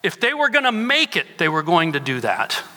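A man's voice: fairly high pitch, huge pitch swings, normal speed, pushed and bright. A middle-aged man, a pastor, preaching a sermon and asking his congregation questions as he teaches. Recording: long reverb of a large hall.

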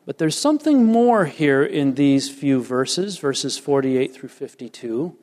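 A man's voice: mid-range voice, animated, a little slow, darkish tone, big-room sound. A man preaching a sermon, reading scripture and explaining it with earnest emphasis. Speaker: pastor.

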